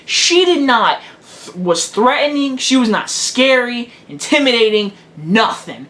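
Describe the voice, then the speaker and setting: A man's voice: very high-pitched, big pitch swings, unhurried, pushed and bright. A teenage boy giving a casual video movie review, blunt and emphatic, hammering his verdicts home again and again. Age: teens.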